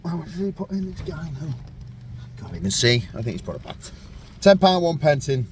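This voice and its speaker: A man's voice: a little high, big pitch swings, fairly quick, slight background noise. A man hosting a fishing vlog in casual, jokey banter, often laughing and teasing his mate. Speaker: fishing video host.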